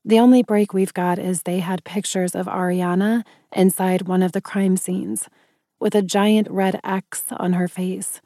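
A woman reading a guarded young witch in an audiobook, measured and explaining. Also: medium pitch, steady tone, mellow, dry recording, studio quality, natural voice.

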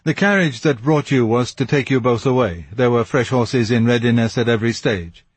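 A man voicing a self-satisfied police commissary who questions briskly and pointedly. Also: mid-range voice, slightly rough, no room sound, close to an everyday voice.

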